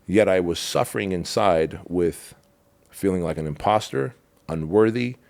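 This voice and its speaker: This is a middle-aged man with a low, deep voice, speaking as a podcast guest. He tells his story with raw, candid emotion, dropping curse words and casual slang as he goes. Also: a little slow, gravelly, a little mellow. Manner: raw and emotional, swears, calls the listener bro.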